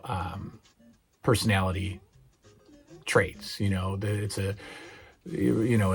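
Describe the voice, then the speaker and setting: Middle-aged guy rambling about old tv, low husky voice, lots of uhs. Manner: rambling, earnest, many fillers. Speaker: channel host. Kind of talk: nostalgic casual chat.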